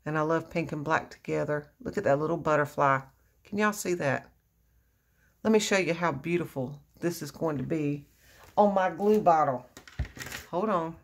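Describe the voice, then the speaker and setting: Speaking in a low voice at a moderate pace, a crafting vlogger opens a gift from her happy mail. The chat is casual and she gushes with lots of effusive exclamations.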